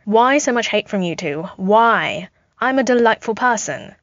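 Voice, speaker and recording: A woman's voice: medium pitch, lively intonation, a little slow, no room sound, natural voice. Sarcastic sleepy inventor guy, drawling, read by a woman; dry, muffled audio. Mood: mock-hurt. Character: wisecracking sleepy adult male inventor. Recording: dull lo-fi home recording.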